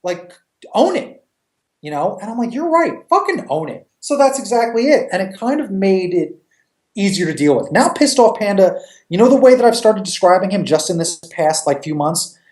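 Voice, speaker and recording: Animated joking man in echoey room. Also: sits high, a little fast. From New York. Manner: animated, joking, swears freely. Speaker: comic creator guest. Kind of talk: casual interview chat.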